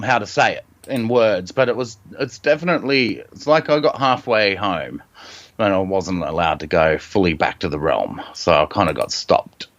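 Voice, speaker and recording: An Australian man telling a personal story as a podcast guest, reflective and halting, with frequent ums and restarts. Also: sits low, fairly bright tone, dull audio.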